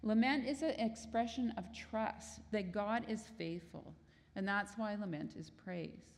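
Woman, preacher, sermon, earnest, explanatory, mid pitch, long hall reverb. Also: unhurried. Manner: earnest, explanatory, acts out quoted prayers.

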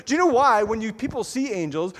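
A man preaching a sermon as pastor, telling the story in a playful, animated way with frequent laughter. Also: high-pitched, fast talker. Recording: long hall reverb.

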